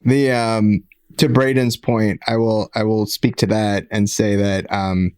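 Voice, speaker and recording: A man co-hosting a podcast, talking in a measured, hedging way in casual chat. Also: lowish voice, flat delivery, darkish tone, smooth, no room sound, clean studio sound. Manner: measured, hedging, uses fancy words. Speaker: podcast co-host.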